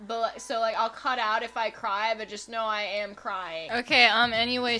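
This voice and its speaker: Young woman in her twenties, bright and a bit high, casual sarcastic gameplay chatter, faint music behind. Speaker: gaming YouTuber.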